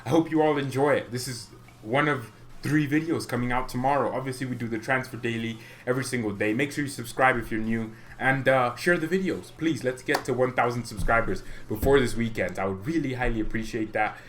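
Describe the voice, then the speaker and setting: A young man with a mid-range voice speaks briskly on his football fan channel. He rants casually to camera, animated and mock-menacing, chuckling between points.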